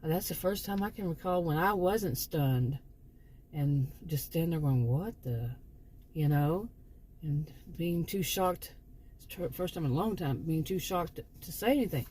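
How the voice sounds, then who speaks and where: A faint hiss or hum sits under a woman's low, darkish voice as she speaks at a normal speed. The channel host, a former sociology teacher, relates a personal story casually and chattily, wandering and frequently restarting.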